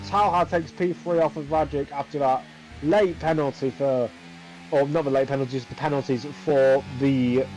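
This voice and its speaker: A man's voice: fairly high pitch, a little mellow, low-quality recording. Sarcastic male sim racing commentator. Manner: dry and sarcastic, rambling with fillers. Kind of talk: casual live commentary and interview.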